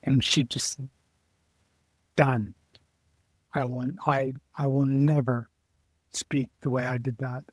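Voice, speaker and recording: Slow-spoken man telling travel stories. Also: medium pitch, dry recording. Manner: animated storyteller who acts out quoted voices, halting restarts. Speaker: guest, adventurer and author. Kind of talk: casual storytelling interview.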